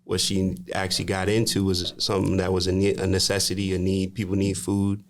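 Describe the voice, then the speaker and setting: A man co-hosting a casual podcast, summing up his guest's points in a measured way with "um" pauses. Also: deep voice, monotone. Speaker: podcast co-host.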